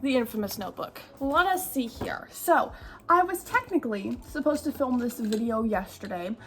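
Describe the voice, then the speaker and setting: A woman's voice: fairly high pitch, expressive, moderate pace, over music. A young woman vlogging her day in a casual, rambling, self-deprecating way. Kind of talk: casual vlog chat.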